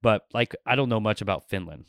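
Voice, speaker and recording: A man's voice: on the low side, animated, quick pace. A man hosting a podcast, chatting casually in a rambling, jokey way with lots of fillers. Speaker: podcast host. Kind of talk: casual chat.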